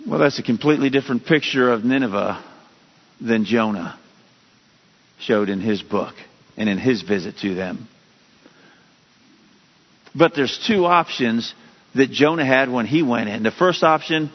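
Pastor guy preaching, jumps up in pitch for emphasis, muffled recording, long echo. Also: animated, unhurried, pauses often. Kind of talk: sermon. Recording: dull lo-fi sound with long hall reverb.

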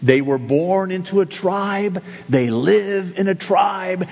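Husky middle-aged guy preaching in a church, keeps restarting his words, long hall echo, dull sound. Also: high-pitched, measured pace, few pauses. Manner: earnest, with many restarts and repeated words. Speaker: pastor. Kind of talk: sermon with personal storytelling.

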